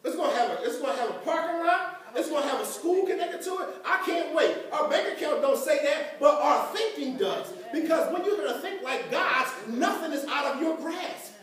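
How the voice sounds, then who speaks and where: A high-voiced woman pastor preaches with lively, swooping intonation and frequent laughter. Her voice rings around a big echoey church, picked up from some distance away. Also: normal speed, hardly any pauses. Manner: laughing often, animated, emphatic. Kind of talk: sermon.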